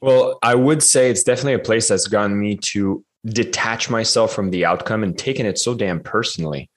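A man speaking as a podcast guest, telling his story with animated energy and acting out the voices of the people in it. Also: fairly quick. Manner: animated, acts out quotes in higher voices. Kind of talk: casual storytelling in a podcast interview.

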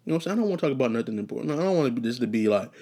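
A man's voice: mid-range voice, expressive, rapid-fire, dark tone. A young man hosting a solo podcast, rambling and joking, profane and casual, wandering off topic. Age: young adult. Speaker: podcast host.

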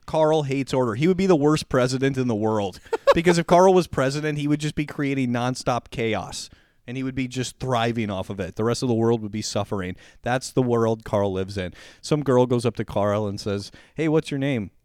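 A man co-hosting a podcast in casual chat, animated and laughing often as he acts out quotes. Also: mid-range voice, normal speed, smooth, no room sound, clean studio sound. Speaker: podcast co-host.

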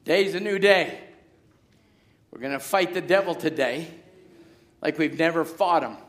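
A middle-aged pastor preaching a sermon, moving from quiet storytelling to shouted exhortation. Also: male voice, fairly high pitch, moderate pace.

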